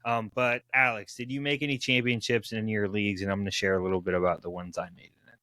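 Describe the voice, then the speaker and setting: A man's voice: lowish voice, flat delivery, fast, sharp tone, no echo. A man from Florida co-hosting a podcast in a chatty, upbeat way, with lots of loose fillers. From Florida, USA. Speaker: podcast co-host. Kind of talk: casual podcast chat.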